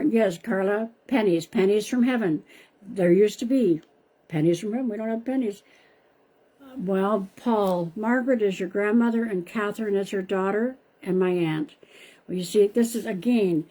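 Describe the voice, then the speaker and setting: A woman's voice: medium pitch, dark tone. A woman hosting a live stream as a psychic medium, chatting casually and calling viewers by name, often repeating herself. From Canada.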